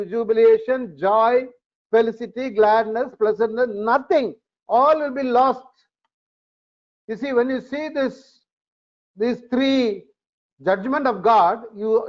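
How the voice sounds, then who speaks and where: A man teaching a Bible study lecture, speaking deliberately, repeating words for emphasis and reading verses aloud. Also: very high voice, dull audio.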